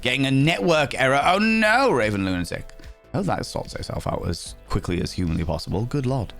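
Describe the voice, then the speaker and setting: A man's voice: lively intonation, brisk, vocal fry, fairly bright tone, faint music behind. A young man chatting playfully on a live stream, teasing viewers, a bit under the weather with sore sinuses. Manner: playful, teasing, theatrical swings in pitch. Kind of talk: casual live-stream chat.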